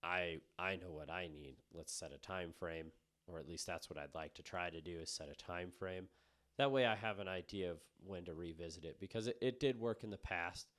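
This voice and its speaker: Blunt, cursing man with a very deep voice. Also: brisk. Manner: blunt and profane, jumps between loud bursts and low asides. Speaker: podcast co-host. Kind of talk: casual podcast chat.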